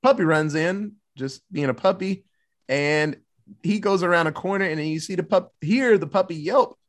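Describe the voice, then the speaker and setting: A man with a somewhat high voice talks through a film's plot in a relaxed, casual way. He swears freely and keeps the story moving in a loose, chatty flow. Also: moderate pace. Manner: loose, profane storytelling with acted-out quotes. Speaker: podcast co-host. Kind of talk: casual movie recap.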